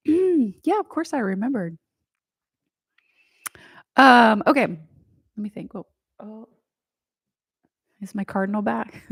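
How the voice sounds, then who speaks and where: Gravelly, husky woman chatting live. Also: a little high, lively intonation, slow, pauses often, no room sound. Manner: chatty, rambling, laughs often. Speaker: human design reader hosting a live Q&A. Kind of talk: casual livestream chat.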